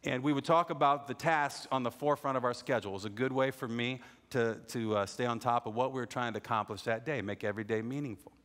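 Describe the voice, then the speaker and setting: A middle-aged man preaching a sermon in a voice of ordinary pitch. He speaks earnestly and hammers home his refrains by repeating them. His voice rings with the long reverb of a large church auditorium. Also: steady tone, fast, few pauses, a bit bright.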